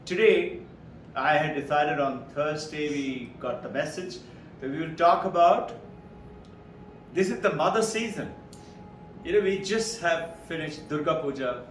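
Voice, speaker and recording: At a measured pace with long pauses, a man from India delivers a casual spiritual talk built on meandering anecdotes. The recording picks him up from far away in a reverberant room, with a low rumble in the background.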